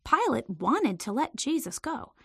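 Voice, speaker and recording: Bright, expressive woman reading a story. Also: sits high, a little slow, gravelly, husky, no echo, clean studio sound. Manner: expressive, lively narration.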